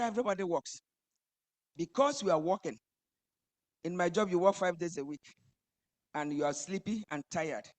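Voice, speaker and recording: A woman preaching a sermon, building emphatically to loud high climaxes.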